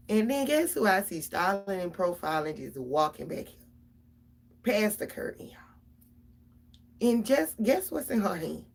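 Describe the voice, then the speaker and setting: A woman's voice: mid-range voice, animated, moderate pace, gravelly, husky. A middle-aged mother, venting casually and profanely straight to her viewers about her kids.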